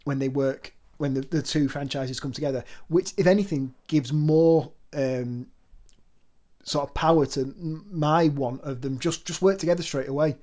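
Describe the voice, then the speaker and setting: A man's voice: fairly high pitch, normal speed, darkish tone. A man co-hosting a casual podcast, chatty and teasing with lots of restarts. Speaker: podcast co-host.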